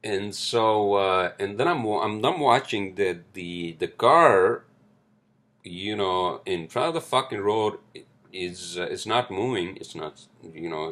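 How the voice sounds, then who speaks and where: A New man with a low, deep voice talks through a casual solo podcast. He rambles, leans on fillers and "right?", and swears freely as he tells his stories. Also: a bit bright. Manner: rambling, swears often, many fillers and tag questions. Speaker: podcast host.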